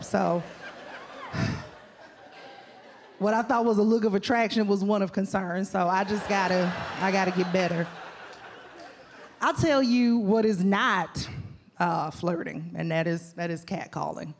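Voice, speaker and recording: A woman with a medium-pitched, gravelly voice performs a stand-up set in a club, speaking at a measured pace and pausing often. She tells stories animatedly and acts out the people in them, while background noise and audience laughter fill the room.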